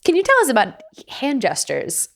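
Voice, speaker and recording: A woman's voice: a little high, huge pitch swings, moderate pace, vocal fry, fairly bright tone. A young American woman hosting a casual chat, talking easily, correcting herself now and then and laughing often. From United States. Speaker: host.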